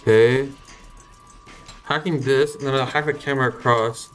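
A young man giving live gameplay commentary as a streamer, excitable, swearing and thinking out loud as he plays. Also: mid-range voice, moderate pace, soft background music.

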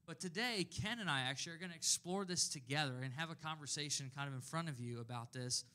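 A man in his thirties, a pastor giving a conversational sermon with animated personal stories. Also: fairly high pitch.

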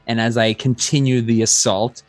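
A man playing a tabletop game, describing his character's moves in a hesitant, halting way with repeated words. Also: medium pitch, level tone, no echo, soft background music. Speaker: player. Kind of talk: tabletop role-play.

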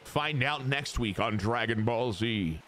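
A young man giving joking, excitable commentary on his own gameplay to his chat, with sudden shouts. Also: mid-range voice, a little slow, background noise. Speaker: gaming streamer.

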